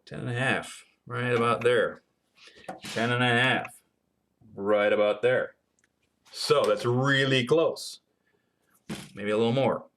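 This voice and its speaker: A chatty man full of ums reads chat questions aloud and answers them while demonstrating guitar building on a casual livestream. His medium-pitched voice sounds pushed and bright, with a little hiss or hum.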